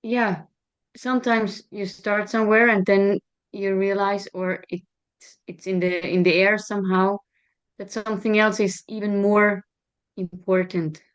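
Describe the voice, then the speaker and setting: A woman's voice: medium pitch, level tone, measured pace, clean tone. A woman shares an observation with her training group, thinking as she talks and searching for the right words. Her audio comes through a dull, lo-fi online call. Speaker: course participant. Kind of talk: group feedback discussion.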